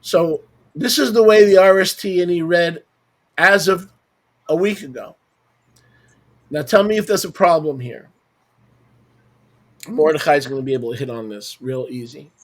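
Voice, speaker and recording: A man with a notably high speaking voice teaches a group discussion from his desk. He hammers points with rhetorical questions and scornful little asides. He keeps it conversational, as if walking the others through his screen. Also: normal speed, long pauses. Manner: emphatic, fires rhetorical questions, mocking asides. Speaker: Bible teacher leading a roundtable.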